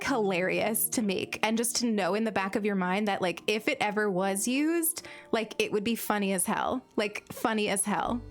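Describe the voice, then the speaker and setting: A young woman streaming, chatting casually and giggling, with lots of filler words. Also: mid-range voice. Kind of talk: casual chat while gaming.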